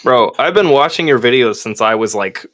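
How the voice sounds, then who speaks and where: A man's voice: medium pitch, expressive, moderate pace, fairly bright tone. Giggly young man hosting a podcast. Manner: giggly, hesitant, fillers. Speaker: podcast host. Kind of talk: casual chat.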